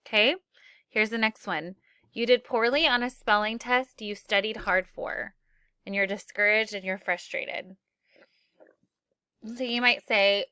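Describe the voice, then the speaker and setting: A woman's voice: medium pitch, steady tone, moderate pace, pushed and bright, clean tone, no echo, clean studio sound. A woman teacher leading a classroom lesson for children, upbeat and acting out example phrases.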